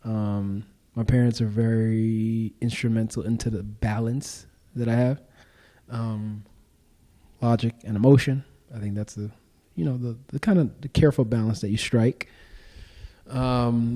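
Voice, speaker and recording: Man, podcast guest, mellow voice, emphatic, casual slang. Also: medium pitch. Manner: animated, emphatic storytelling with slang. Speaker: podcast guest and show founder.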